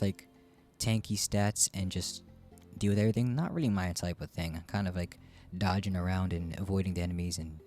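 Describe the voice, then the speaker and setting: His voice sits low with a darkish tone as he casually talks through the game he's streaming. He rambles, chats, and jokes at his own expense.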